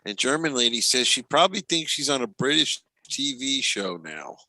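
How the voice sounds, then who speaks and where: A man's voice: medium pitch, big pitch swings, normal speed, sharp tone, no echo, poor audio. A man hosting a livestream, reading out viewer chat with amused running commentary. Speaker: livestream host.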